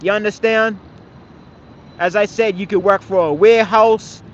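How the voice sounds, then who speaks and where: A man with a high, steady voice talks at a normal speed, answering his stream chat with confrontational scolding and frequent swearing. He repeats phrases and adds "man" to his lines. The sound is dull, with some hiss or hum.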